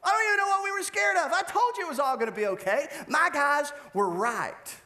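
A man voicing a boastful ancient king, smug and bragging in a raised, loud voice. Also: extremely high pitch, expressive, fairly quick, pitched above the performer's own voice, exaggerated voice. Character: boastful cocky ancient king, male adult.

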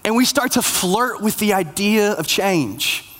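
High-voiced man preaching a casual sermon. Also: expressive, a little slow, fairly bright tone. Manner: conversational, self-deprecating, with frequent restarts and acted asides. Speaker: pastor. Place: church with online audience.

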